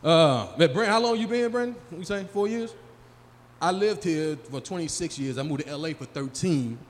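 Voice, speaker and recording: Lively forty-something comic, loud crowd work. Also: male voice, moderate pace. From Chicago area. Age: 40s. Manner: loud, crowd-working, acts out friends in high excited voices. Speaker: stand-up comedian. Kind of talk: live stand-up set. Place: small live venue. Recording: live room with long reverb and faint hum.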